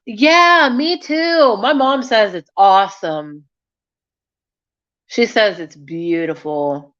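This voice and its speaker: A woman's voice: mid-range voice, slow pace, a bit bright, lo-fi sound. A woman hosting a casual livestream, chatting with viewers and rambling through stories. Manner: rambling and chatty, many fillers and restarts. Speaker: livestream host. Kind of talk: casual chat reading viewer comments.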